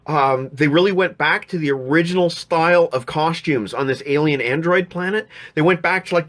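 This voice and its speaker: A man's voice: on the high side, a bit bright. A man hosting a live stream from home, chatting casually and rambling through viewer comments with many restarts. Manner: rambling, frequent restarts and fillers.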